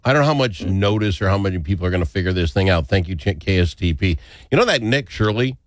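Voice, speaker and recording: A man's voice: low-pitched, expressive, fast, dry recording. A man hosting a talk radio show, opinionated, indignant and jokey.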